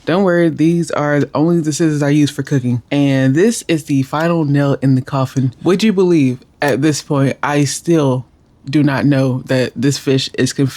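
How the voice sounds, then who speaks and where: Animated, exasperated young woman vlogger. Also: low-pitched, moderate pace. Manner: animated and exasperated, self-deprecating. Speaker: cooking vlogger. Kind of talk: casual storytelling voice-over.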